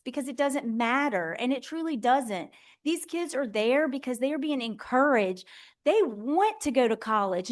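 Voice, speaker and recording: A woman testifying firmly as a parent at a public hearing. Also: sits high. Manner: firm, emphatic, persuasive.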